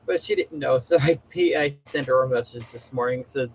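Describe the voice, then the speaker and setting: A man's voice: medium pitch, moderate pace, gravelly, slightly rough, no echo, low-quality recording. A man hosting a casual livestream, rambling and chatty with many restarts, talking from home. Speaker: livestream host.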